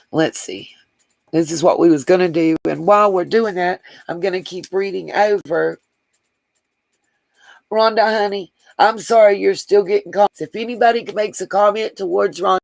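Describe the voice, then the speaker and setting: His voice is gravelly and mid-range, and he meanders affectionately through viewers' comments, reading them aloud and speaking straight to the people watching his livestream. There's no echo, though the recording is rough.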